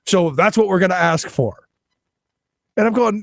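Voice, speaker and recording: A man hosting talk radio, riffing sarcastically with a gravelly, animated, fairly high voice. His pitch swings widely as he argues, and the mic sounds close and dry. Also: moderate pace, long pauses, dry recording. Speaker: radio talk show host. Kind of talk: opinionated political talk radio monologue.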